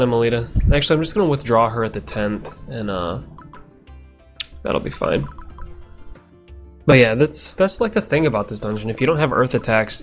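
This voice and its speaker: A man's voice: mid-range voice, vocal fry. A man giving casual, rambling let's-play commentary, swearing now and then and chuckling to himself. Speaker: gameplay commentator.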